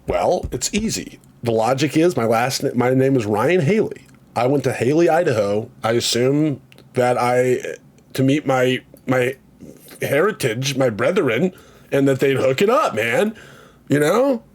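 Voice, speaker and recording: A man's voice: medium pitch, lively intonation, measured pace. A man streaming casually, rambling and joking about himself, swearing freely and reading out chat comments.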